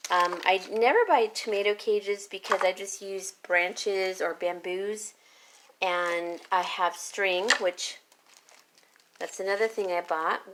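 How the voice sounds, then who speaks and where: A woman's voice: on the low side, a bit bright, a little hiss or hum. A woman vlogger chatting casually about a garden haul, rambling and correcting herself as she goes. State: hiccups. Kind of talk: casual chat.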